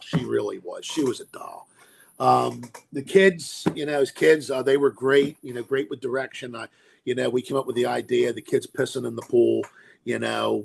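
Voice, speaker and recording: A man guest in an interview, an animated storyteller who acts out quotes and laughs often as he recalls directing films. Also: medium pitch, gravelly, husky.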